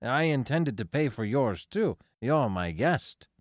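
A man's voice: medium pitch, sing-song, takes it slowly, no echo, studio quality, pitched above the performer's own voice. A man voicing an awkward seventeen-year-old boy in an audiobook, blunt and earnest. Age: teens. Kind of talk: audiobook character voice.

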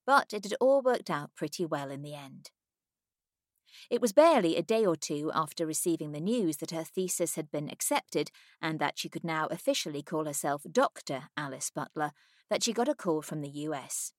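A woman narrating an audiobook in a measured, even storytelling manner, close to a studio mic. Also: deep voice, no room sound. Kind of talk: scripted narration.

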